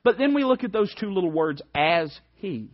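A male preacher delivering a fervent sermon, swinging between loud emphasis and hushed, soft passages. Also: high-pitched, sing-song, normal speed, muffled recording.

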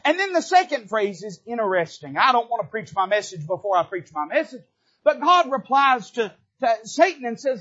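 A pastor with a notably high voice for a man preaches a sermon from the pulpit. He speaks with emphatic force that climbs into shouting. The sound is dull and lo-fi. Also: very animated, normal speed, husky. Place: church pulpit.

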